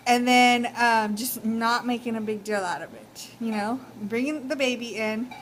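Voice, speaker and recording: A young Texan woman with a slightly high voice chats casually to the camera, full of ums and you-knows as she gives advice. Faint background noise sits under her voice. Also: unhurried, rough recording. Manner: chatty, many fillers like um and you know. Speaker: vlogger.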